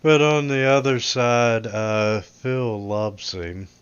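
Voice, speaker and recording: Very slow-talking male game master. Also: medium pitch, clear, resonant tone. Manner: halting, with many filler sounds. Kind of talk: running a tabletop game online. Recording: dull lo-fi recording.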